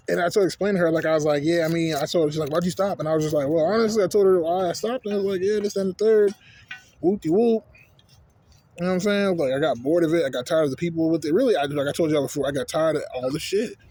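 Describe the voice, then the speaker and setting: A young man delivering an animated, profanity-heavy rant as a vlogger, often asking "you know what I'm saying". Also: a little high. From Houston, Texas. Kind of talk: profane ranting monologue.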